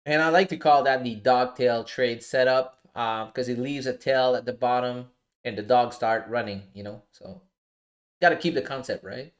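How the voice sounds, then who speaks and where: A man with a non-native English accent, coaching viewers through trades in a relaxed, casual livestream and often checking in with "right?". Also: mid-range voice, normal speed. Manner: relaxed, explanatory, often adds "right?" and "you know?". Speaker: forex trading coach. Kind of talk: casual live trading walkthrough.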